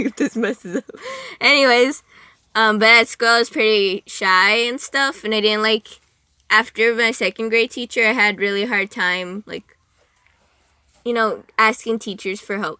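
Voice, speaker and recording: A woman's voice: medium pitch, normal speed, pushed and bright, smooth, dry recording. A young woman chatting as a podcast guest, rambling, giggling and cutting herself off mid-sentence. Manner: rambling, giggly, self-interrupting. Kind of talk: casual chat.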